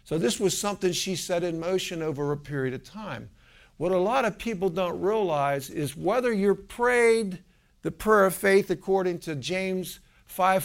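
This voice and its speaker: A man with a gravelly, slightly raised voice preaches a sermon and tells a story. He delivers it with animation and acts out the voices of the people in it. His voice drops low and rises again as he plays each part.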